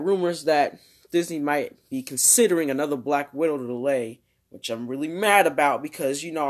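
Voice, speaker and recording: A man vlogging about movie news in a casual, rambling way, breaking off into jokes and asides to himself. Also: fairly high pitch.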